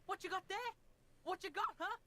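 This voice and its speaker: A woman's voice: very high voice, fairly quick, a bit bright. A woman voicing a crude, taunting young street boy in a game. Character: foul-mouthed, aggressive young street boy.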